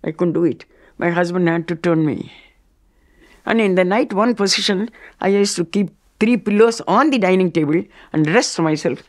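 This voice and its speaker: An older woman with an Indian English accent, telling a personal testimony in a lively storytelling manner and acting out others' words. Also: on the low side, moderate pace. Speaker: devotee sharing a testimony.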